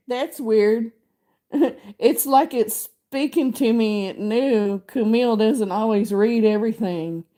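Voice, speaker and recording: A woman's voice: fairly high pitch, takes it slowly, mellow. A woman hosting her crochet channel, chatting casually and rambling with many fillers while she reads pattern text aloud.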